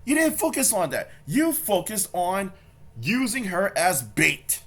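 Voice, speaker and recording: A man's voice: high voice, sing-song, measured pace, fairly bright tone. A man doing angry reaction commentary, confrontational and swearing, repeating his points over and over. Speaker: YouTube commentator.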